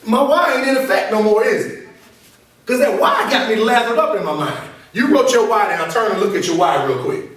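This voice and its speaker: A high-voiced motivational speaker and coach gives an animated, fairly quick talk to a live group in a meeting room, repeatedly asking the audience if they're following him in call-and-response style. He sounds far from the microphone, with strong room echo.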